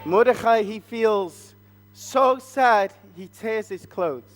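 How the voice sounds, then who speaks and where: A man's voice: high-pitched, slow pace, a faint crowd, a little hiss or hum. A man telling an interactive Bible story to children at a family church service, playful and asking them questions.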